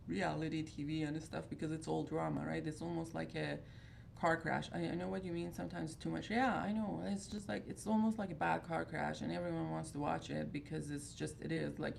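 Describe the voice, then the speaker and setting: A woman in her thirties hosts a casual livestream and talks in a candid, rambling, exasperated way. Her voice sits low and is full of heavy vocal fry. There is a faint noise floor behind her. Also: a little mellow. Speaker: livestream host of a fragrance group. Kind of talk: casual chat.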